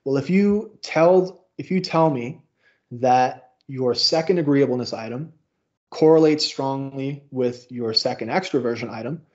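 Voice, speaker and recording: A man's voice: medium pitch, measured pace, darkish tone, natural voice. A man voicing a helpful talking statistics program that offers suggestions, in a dull lo-fi recording. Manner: obliging, explanatory.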